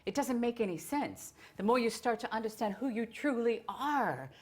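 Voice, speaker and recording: A woman's voice: a little high, lively intonation, moderate pace, breathy edge. Enthusiastic woman giving a digressive talk. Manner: enthusiastic, digressive, many fillers. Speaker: theosophy speaker. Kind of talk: informal lecture.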